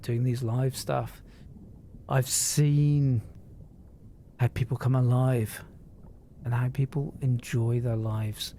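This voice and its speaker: A man's voice: mid-range voice, warm tone, slight background noise. A man, talking to live-stream viewers in an earnest, emotional, rambling way, swearing freely and often restarting his sentences.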